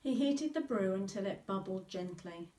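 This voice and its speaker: A woman teacher reading a storybook aloud to pupils with an expressive voice, recorded in an echoey room from some distance. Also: mid-range voice, normal speed.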